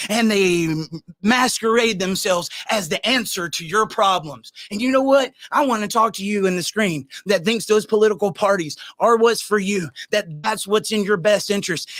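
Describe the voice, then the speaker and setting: Man, high pitched voice, podcast host, angry impassioned rant, repeats lines, dry close sound. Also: no echo. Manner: fiery, shouting, preacher-like repetition.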